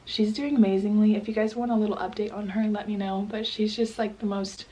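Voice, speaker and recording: A young woman with a hoarse, dry throat chatting casually to camera at home about baby gear, keeping her voice down. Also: fairly even intonation, brisk. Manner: chatty, apologetic, lowers voice to stay quiet. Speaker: parenting vlogger. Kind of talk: casual vlog talk to camera. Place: at home indoors.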